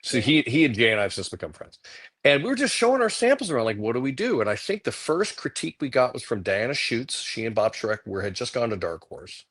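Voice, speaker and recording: A man's voice: mid-range voice, quick pace. A middle-aged man, a guest comic artist, telling casual stories on a livecast and acting out quoted voices. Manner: animated anecdotes, acting out quotes.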